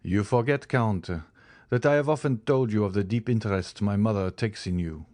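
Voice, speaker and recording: A man's voice: fairly low pitch, moderate pace, darkish tone, dry recording, clean studio sound, natural voice. A man reading the part of an eager young viscount in an audiobook, speaking earnestly.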